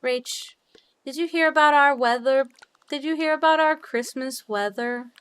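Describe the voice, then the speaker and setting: A young woman chatting casually with her viewers while playing a game, bubbly and quick to laugh, swearing freely with sudden high squeals. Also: fairly bright tone, dry recording. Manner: bubbly, swears freely, laughs often, big jumps in pitch. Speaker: streamer. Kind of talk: casual livestream chat while gaming.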